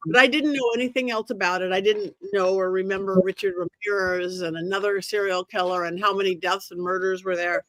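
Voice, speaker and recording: A woman guest, a medium, telling her story in an animated way and acting out the voices of the people in it. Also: mid-range voice, fairly quick, hardly any pauses, dry recording. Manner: expressive, acts out quoted voices.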